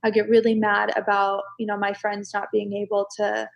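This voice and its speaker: A woman's voice: mid-range voice, normal speed, vocal fry, dull audio. Emotional woman in casual chat. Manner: emotional, animated, exclaims in bursts. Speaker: guest.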